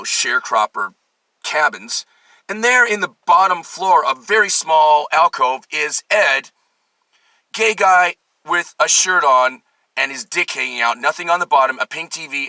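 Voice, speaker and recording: Bright-voiced man on a profane rant. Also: fairly high pitch, dry recording, poor audio. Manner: profane, rambling, self-deprecating. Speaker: host. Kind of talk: comedic storytelling rant.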